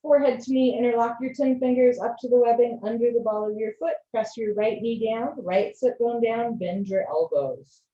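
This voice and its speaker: A woman leads a yoga class over a video call, her voice at a middle pitch. She calls out posture cues in a calm, even flow and drops in gentle asides. The sound is roomy and a little dull. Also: normal speed. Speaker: yoga teacher. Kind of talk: live online yoga class instruction. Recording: echoey lo-fi video call audio.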